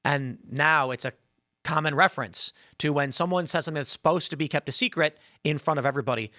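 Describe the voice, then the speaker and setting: A man's voice: a little high, fast, pushed and bright, no room sound, clean studio sound. A man from Chicago hosting a solo political commentary and arguing his opinions, often restarting his sentences. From Chicago, United States. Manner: opinionated and argumentative, with frequent restarts.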